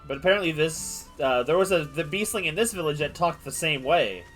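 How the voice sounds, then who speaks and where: A man's voice: on the high side, expressive, brisk, a bit bright. Playful man streaming a game. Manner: playful, rambling asides with frequent restarts. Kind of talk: casual gameplay commentary, reading game text aloud. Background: game music.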